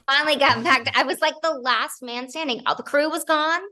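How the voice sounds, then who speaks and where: A woman, an actress guest, telling animated stories in a casual interview and acting out other people's lines. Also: high voice, brisk.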